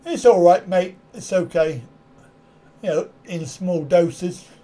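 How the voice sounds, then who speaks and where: A man's voice: sits high, slow, dark tone. A middle-aged man hosting a live stream, chatting casually in reply to viewer comments and often chuckling at his own wry, self-mocking asides. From United Kingdom.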